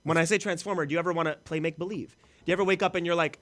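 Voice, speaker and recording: A young man co-hosting a casual podcast, excitable and jokey, swearing freely as he talks. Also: fairly high pitch, rapid-fire. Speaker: podcast co-host.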